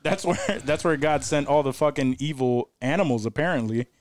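A man's voice: medium pitch, a little fast, dry recording. A man co-hosting a podcast, laughing often and swearing in loose, rambling banter. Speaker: podcast co-host. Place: studio.

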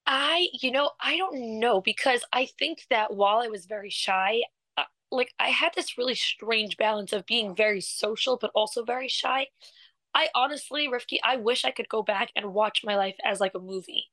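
A woman's voice: on the high side, normal speed, dry recording, poor audio. A young woman from England, a singer, talking in a casual interview with lots of laughs, fillers and restarts. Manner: animated, laughs often, many fillers and restarts. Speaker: singer and guest.

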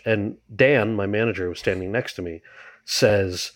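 A man, an actor and writer, telling a story in an interview, acting out quoted lines with jumps in pitch and mocking himself, with fillers and restarts. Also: normal speed. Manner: self-deprecating, many fillers and restarts.

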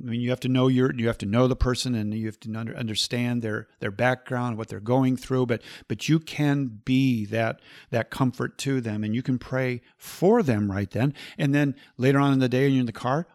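Earnest gravelly man hosting a faith podcast. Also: medium pitch, darkish tone, dry recording, clean studio sound. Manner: earnest, pastoral, repeats phrases, ends with prayer. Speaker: Catholic podcast host. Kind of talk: podcast teaching and prayer.

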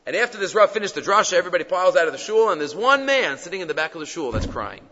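A man teaching a Torah class as a rabbi, an animated storyteller who mixes Hebrew phrases into his English. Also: high-pitched, racing, big-room sound, dull audio, slight background noise. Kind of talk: Torah class with retold stories.

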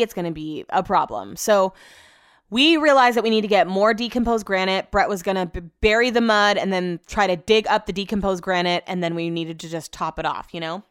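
A woman's voice: medium pitch, a bit bright, clear, resonant tone, dry recording, studio quality. A young woman casually telling a rambling story from her home office, full of likes and restarts. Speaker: vlogger.

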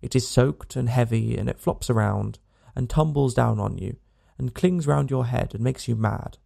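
A man reads a comic novel aloud in a dry, wry manner. His voice is heavily gravelly, with a mellow, dark tone throughout. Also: medium pitch, moderate pace. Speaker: audiobook narrator. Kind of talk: scripted narration of a comic novel.

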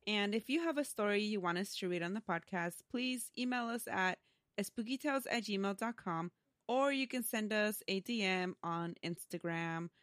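A woman's voice: mid-range voice, no room sound, clean studio sound. A woman co-hosting a casual spooky-story podcast, chatting and laughing often as she reads a listener's story aloud. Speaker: podcast co-host.

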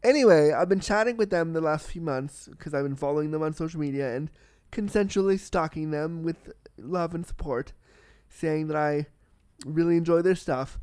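A man hosting a solo podcast in a casual, candid and excitable way, swearing freely and talking with a slight cold. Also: fairly high pitch, normal speed, clean tone, no echo, clean studio sound. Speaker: podcast host.

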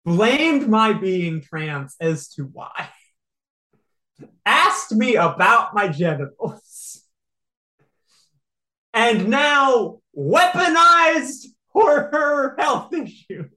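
A person telling a personal story in casual podcast chat, animated and laughing often. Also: mid-range voice, extremely slow, echoey room, poor audio.

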